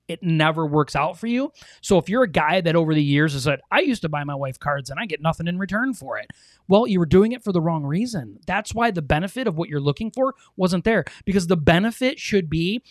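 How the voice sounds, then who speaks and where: A man's voice: a little high, no room sound. A man co-hosting a couples podcast, talking to other husbands in an earnest, exhorting way. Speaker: podcast co-host. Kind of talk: casual podcast talk.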